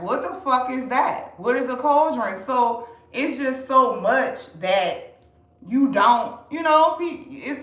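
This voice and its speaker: Bright-voiced New Orleans woman, blunt. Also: medium pitch, roomy sound, rough recording. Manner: blunt, profane, talkative. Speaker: live streamer selling to customers. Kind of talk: casual livestream chat.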